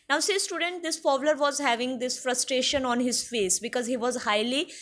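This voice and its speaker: Woman, Indian accent, English teacher, fairly high voice, reads a story aloud, explains line by line, many fillers. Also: fairly bright tone. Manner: reads textbook lines aloud, then paraphrases them slowly with many fillers. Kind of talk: classroom lesson explaining a textbook chapter.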